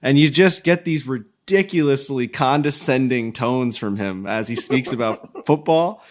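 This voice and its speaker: A man co-hosting a casual podcast, rambling and animated with lots of filler likes. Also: medium pitch, a little slow. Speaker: podcast co-host. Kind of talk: casual chat.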